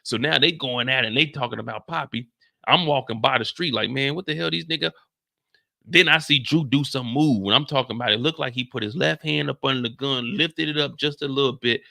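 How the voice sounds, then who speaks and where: A man's voice: medium pitch, fairly quick, creaky, no echo, studio quality. A man giving a comedic, slangy recap of a TV episode, acting out scenes as he goes. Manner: animated, slangy, acts out scenes. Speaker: show recap commentator. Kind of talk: comedic show recap storytelling.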